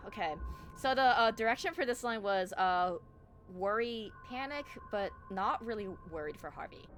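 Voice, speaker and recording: A woman's voice: a little high, animated, normal speed, a bit bright, a little hiss or hum. A young woman voice actor chatting casually about her role, rambling with lots of fillers. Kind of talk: casual commentary on her own performance.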